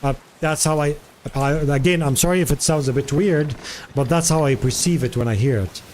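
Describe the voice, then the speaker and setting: A man's voice: fairly high pitch, brisk, a little mellow, slight background noise. A man streaming live in casual chat, curious and talkative, repeating foreign words aloud to practice them.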